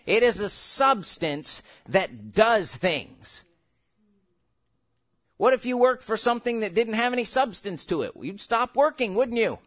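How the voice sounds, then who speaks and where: A male pastor delivers a sermon in a high voice that climbs and dips widely. He jokes, chuckles and suddenly shouts, then slows to a measured crawl for scripture. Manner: animated preaching with sudden shouts and laughter; slow, drawn-out scripture reading.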